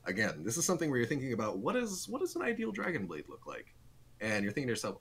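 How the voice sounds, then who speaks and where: A man's voice: mid-range voice, wildly swooping pitch, very fast, a bit bright, husky. A young man, a guest pro player, explaining eagerly in a casual podcast chat and chuckling often.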